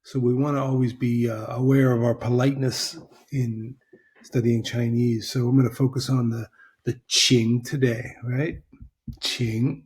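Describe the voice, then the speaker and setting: Slow, patient male language teacher. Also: medium pitch, level tone, darkish tone. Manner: slow, patient, repeats phrases, checks in with "right?". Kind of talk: recorded language lesson.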